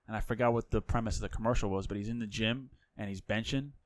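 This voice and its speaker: A man hosting a podcast in a studio, chatting casually with loose, profane talk and pauses to search for words. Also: fairly low pitch, fairly even intonation, dry recording. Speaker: podcast host. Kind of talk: casual chat.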